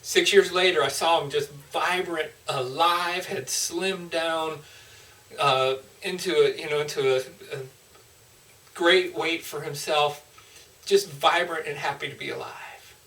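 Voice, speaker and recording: A man's voice: fairly high pitch, fairly even intonation, a little slow, sharp tone, recorded from a distance, rough recording. A man, a motivational speaker, telling an emotional personal story in an earnest, heartfelt way with frequent restarts.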